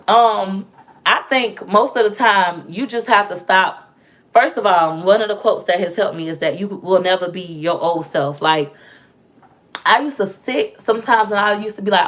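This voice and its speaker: A woman hosts a casual live chat with her viewers. Her voice sits in a middle pitch, and she talks in a blunt, profane way, animated as she tells stories. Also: normal speed. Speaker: vlog host reading comments.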